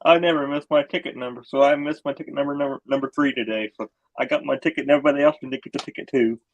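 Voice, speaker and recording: A man's voice: mid-range voice, fairly even intonation, very fast, highs cut off. A man speaking as a guest on a live-stream panel in a casual, emphatic way. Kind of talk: casual chat.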